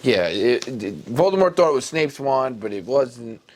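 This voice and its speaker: Animated mock-dramatic podcast guy. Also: mid-range voice, normal speed. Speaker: podcast co-host. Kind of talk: comedic casual retelling.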